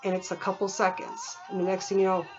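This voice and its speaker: A woman's voice: mid-range voice, monotone, fast talker, lo-fi sound, over music. A woman vlogging in a casual, rambling way, full of fillers and imitated sounds. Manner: chatty, digressive, with many fillers and imitated sounds.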